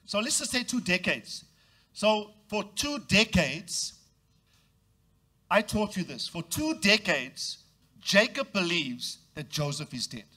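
A man's voice: sing-song, takes it slowly, sharp tone. A man preaching a sermon, leading his congregation to repeat phrases and acting out the voices of the people in the story. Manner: acts out quoted voices with big jumps in pitch. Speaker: pastor.

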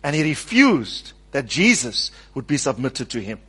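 A man preaches an animated sermon in a husky, medium-pitched voice at a moderate pace. He calls on the congregation to repeat his words and acts out the quoted speech.

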